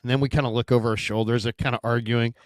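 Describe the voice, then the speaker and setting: A man hosting a sports talk show in casual chat, telling stories with lively acted-out quotes. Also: medium pitch, racing, no echo, studio quality. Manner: animated storyteller, acts out quotes.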